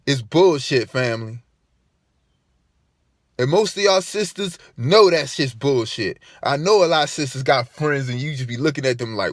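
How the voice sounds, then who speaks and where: Animated, profane man ranting dry. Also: medium pitch, normal speed, no echo. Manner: emphatic, profane, repeats his points. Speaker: vlogger. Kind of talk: ranting monologue to camera.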